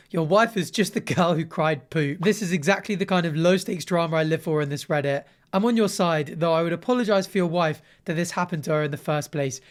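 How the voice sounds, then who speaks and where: A man hosting a comedy show, reading online posts aloud and reacting with animated, sarcastic commentary. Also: a little high.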